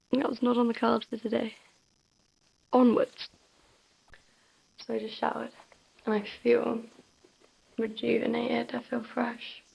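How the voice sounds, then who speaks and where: A young woman chatting casually in a vlog, soft, giggly and confiding. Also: on the high side, completely flat delivery, slow, gravelly, pauses often, husky, dull audio. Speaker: vlogger.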